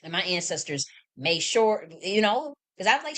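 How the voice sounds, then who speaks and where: A woman's voice: mid-range voice, very animated, normal speed, a bit bright. An American woman hosting a livestream, talking off the cuff in a blunt, profane, impassioned way, rambling and restarting her sentences. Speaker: livestream host. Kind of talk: unscripted livestream monologue.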